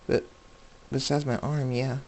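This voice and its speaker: A man reading a story aloud, voicing a stunned, frightened teenage girl who speaks softly and dazed. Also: medium pitch, level tone, measured pace, pitched above the performer's own voice, close to an everyday voice, low-quality recording.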